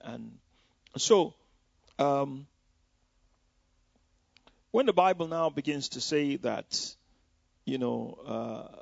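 A man's voice: medium pitch, vocal fry, a little mellow, dry recording. A man from Nigeria, preaching a personal testimony in a loose, conversational way with many "you know" asides. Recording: dull, dry lo-fi recording.

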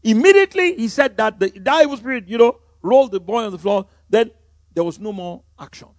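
A Nigerian man preaching a sermon as pastor, emphatic, swinging from loud declarations to quiet asides. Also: high voice, fairly quick, no echo, studio quality.

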